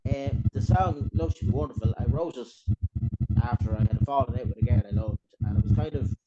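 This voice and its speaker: A man's voice: mid-range voice, expressive, fairly quick, over loud music. A man in his forties from Ireland with an Irish accent, introducing himself as a songwriter and rambling as he repeats himself. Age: 40s. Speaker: guest songwriter. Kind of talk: casual self-introduction. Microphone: video call. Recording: dull lo-fi call with loud hiss.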